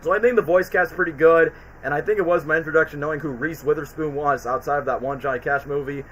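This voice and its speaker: A man's voice: a little high, fairly even intonation, quick pace, fairly bright tone, a little hiss or hum, poor audio. A man hosting a casual stream chat, rambling with lots of fillers. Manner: rambling, quotes movie lines in put-on voices, many fillers. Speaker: streamer host.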